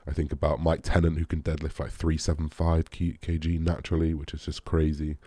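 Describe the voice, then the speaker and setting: A young man with an extremely low, deep voice rambles through viewer questions in an easygoing chat, leaning on "like" and dropping swears. The sound is close and dry, with no room around it. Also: flat delivery, a little fast, dark tone, slightly rough, no echo. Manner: rambling, lots of "like", swears casually. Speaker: bodybuilder answering viewer questions. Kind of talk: casual Q&A chat.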